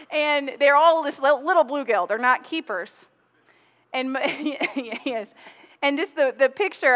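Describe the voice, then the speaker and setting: A woman's voice: on the high side, a bit bright. A woman, preaching a sermon in a conversational storytelling way and laughing often. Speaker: pastor.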